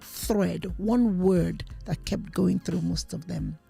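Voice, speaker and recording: A woman's voice: fairly low pitch, takes it slowly, creaky, mellow, breathy edge, soft background music. A woman co-hosting a podcast, telling news stories in a rambling casual chat with many restarts. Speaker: podcast co-host.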